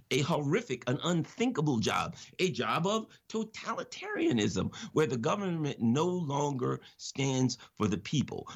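A man giving impassioned political commentary on radio, preacherly and emphatic, with repeated phrases. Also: fairly high pitch.

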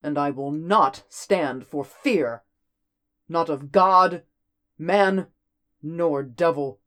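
A man voicing a stern, commanding warlord in armor in a story reading, speaking with booming authority. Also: very slow, fairly bright tone.

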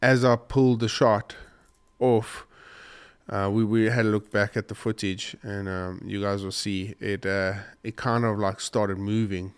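A man with a slightly low, smooth, clear voice recounts a hunt to his viewers. He rambles and restarts, sounding choked up and sniffly. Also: little pitch movement, unhurried. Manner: emotional, rambling retelling with restarts. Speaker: hunting vlogger. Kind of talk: casual storytelling to camera.

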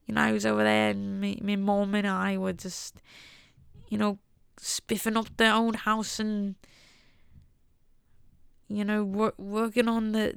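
A young American woman chats casually in a rambling, wry monologue. Her voice has a heavy vocal fry over a smooth, clear tone, and her pitch stays fairly flat. The sound is close and dry. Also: no room sound. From United States. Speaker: vlogger.

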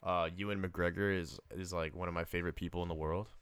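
Young guy w/ a deep smooth voice, casual movie chat, keeps stalling on um and like. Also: fairly even intonation, a bit bright, no echo. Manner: halting, full of fillers and restarts. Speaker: podcast co-host.

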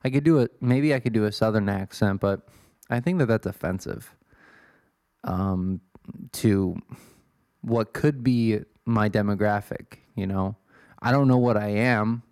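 A man in his twenties from Illinois hosts a podcast, rambling through a casual, self-deprecating monologue where he swears and drifts off topic. His voice is on the low side and a little slow, with a darkish tone. The recording is studio quality with no echo.

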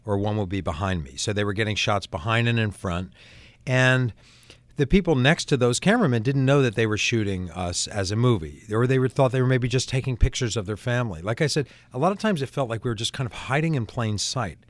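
A man, an actor and interview guest, telling a lively story in casual talk with many restarts. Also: medium pitch, a little fast, no room sound.

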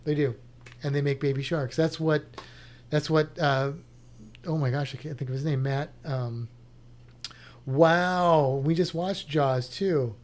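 A science educator with a medium-pitched voice chats casually about a show lineup, unhurried and leaving long pauses. He thinks aloud, restarts his sentences, and sounds skeptical.

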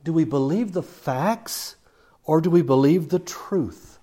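A man's voice: fairly high pitch, takes it slowly, mellow. A man preaching a sermon, telling a Bible story and acting out the quoted lines as he goes.

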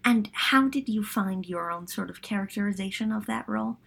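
A woman interviewer asking polite, measured questions. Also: medium pitch, gravelly, husky.

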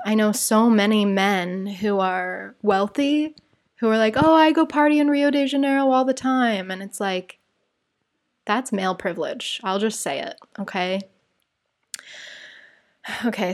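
Chatty woman telling a story. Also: medium pitch. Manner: chatty, digressive, acts out quotes. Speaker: vlogger. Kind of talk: casual storytime.

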